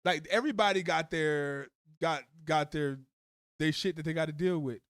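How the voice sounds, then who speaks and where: A man's voice: a little high, moderate pace, a bit bright, dry recording, studio quality. A man hosting a live stream, giving blunt, heated commentary full of swearing. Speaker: livestream host. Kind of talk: profane live commentary rant.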